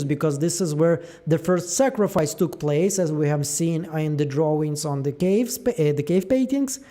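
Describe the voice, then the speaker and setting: High-voiced man musing over show theories. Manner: musing aloud, animated, trailing fillers. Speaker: show theory channel host. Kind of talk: casual theory breakdown.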